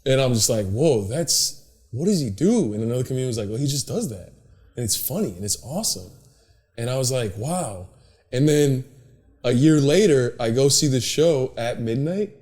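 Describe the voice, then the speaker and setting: Animated young man telling stories. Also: mid-range voice, normal speed. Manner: animated storyteller, swears often, acts out quotes. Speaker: podcast host. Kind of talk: casual chat.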